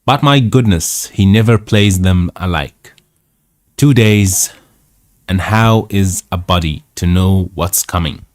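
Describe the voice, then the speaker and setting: A man's voice: low voice, dry recording. A man reading as a fretful old aunt. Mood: fretting. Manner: slow, careful reading aloud.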